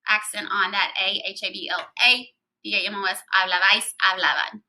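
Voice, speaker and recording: A woman's voice: medium pitch, bright, forceful tone, low-quality recording. A woman teaching a recorded Spanish grammar lesson, explaining patiently and spelling out letters.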